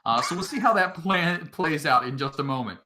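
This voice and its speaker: A man narrating as game master of an online tabletop game, halting often with filler sounds between phrases. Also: on the high side, lively intonation, over a noisy crowd.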